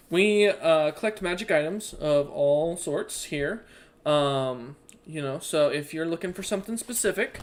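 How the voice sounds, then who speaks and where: A man's voice: fairly high pitch, close to an everyday voice. A man voicing a courteous, slightly fussy young male dwarf shopkeeper in a tabletop game.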